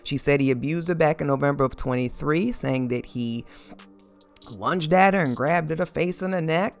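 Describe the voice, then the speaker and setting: Gravelly, animated solo commentator; sassy, playful, acts out fan reactions. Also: medium pitch, normal speed. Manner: animated, sassy, mock-quotes fans. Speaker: commentary show host. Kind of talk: casual opinion commentary.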